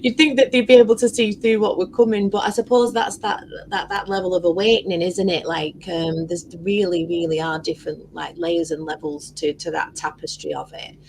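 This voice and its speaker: A woman's voice: on the low side, a little fast, hardly any pauses, low-quality recording. A woman telling a story in casual, rambling chat on a video call, full of fillers and swearing. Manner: rambling, animated, swears freely, many fillers. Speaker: guest. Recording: faint background noise.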